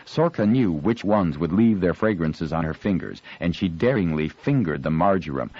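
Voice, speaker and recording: Deep-voiced male audiobook narrator, expressive. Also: no echo, muffled recording. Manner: expressive storytelling, shifting into character voices.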